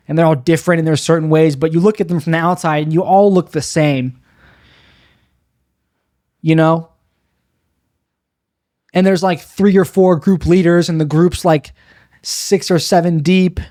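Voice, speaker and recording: A young stand-up comedian with a slightly high, somewhat mellow voice rambles through a bitter, self-mocking monologue, stumbling and restarting sentences. He speaks at normal speed with fairly even intonation and frequent pauses, and the recording is dry and close with no room sound.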